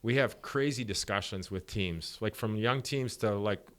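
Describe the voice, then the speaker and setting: Man, middle-aged, lowish voice, podcast guest, sport psychologist, animated storyteller. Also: normal speed. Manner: animated storyteller acting out dialogue. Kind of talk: podcast interview.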